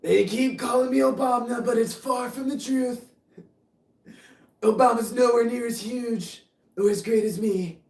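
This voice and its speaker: A man putting on a high, boastful impression of a famous politician who brags in superlatives. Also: fairly even intonation, a little slow, darkish tone, distant mic. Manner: bragging, superlative-heavy boasting. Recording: roomy, off-mic.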